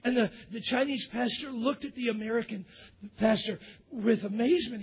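A male pastor preaching a sermon in church, swinging from loud emphatic bursts down to near whispers. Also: very high voice, moderate pace, slightly rough, highs cut off.

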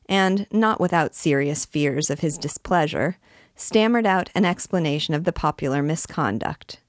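A woman reading a classic novel aloud in a measured, expressive way. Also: sits low, no echo, studio quality. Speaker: reader and teacher.

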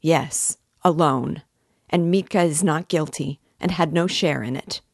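A woman reading a hurried, confessing workman. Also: deep voice, breathy edge, no echo, clean studio sound, exaggerated voice. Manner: hurried, rehearsed. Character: anxious working man blurting a confession.

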